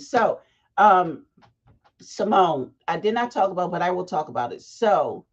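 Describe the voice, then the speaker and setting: Chatty woman on a dull livestream. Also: lowish voice. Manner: chatty, animated, breaks off into asides and laughs at herself. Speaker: fashion week organizer hosting a livestream. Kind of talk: casual livestream chat.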